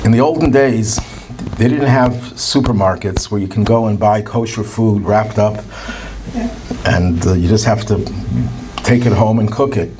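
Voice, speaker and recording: A man's voice: fairly low pitch, moderate pace, noisy background. A male rabbi telling anecdotes and chuckling at his own jokes. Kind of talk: storytelling talk.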